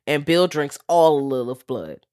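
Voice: medium pitch, lively intonation, moderate pace, a little mellow, no room sound, studio quality. A podcast co-host recapping plot points casually, bluntly, with heavy swearing. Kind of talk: casual chat.

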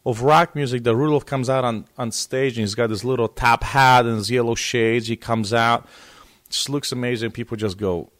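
A man with a mid-range voice talks as a guest guitarist in a casual interview. He tells his story with animated energy, stumbling over and repeating words as he goes. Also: mid-range voice, normal speed.

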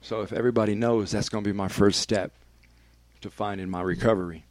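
A man's voice: low-pitched, steady tone, brisk. A man, a radio personality, telling a candid and emphatic personal story as a podcast guest, swearing freely.

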